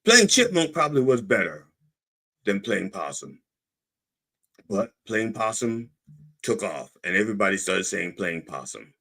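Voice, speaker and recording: A man's voice: fairly low pitch, big pitch swings, unhurried, pauses often, bright, forceful tone. A man hosting a podcast in a casual monologue, rambling and digressing as he talks. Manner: rambling, digressive, self-interrupting. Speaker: podcast host.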